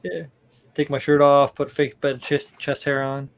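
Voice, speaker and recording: A man's voice: medium pitch, level tone, measured pace, a little hiss or hum. A man co-hosting, talking casually with lots of hesitations and jokes. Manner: rambling, hesitant, laughing. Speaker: podcast co-host. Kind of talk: casual chat.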